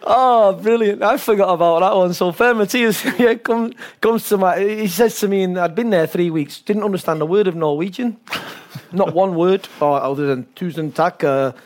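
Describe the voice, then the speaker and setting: Animated, high-voiced English storyteller man. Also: normal speed. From England. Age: older. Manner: animated storyteller, laughs often, acts out voices. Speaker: football coach. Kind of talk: talk-show interview.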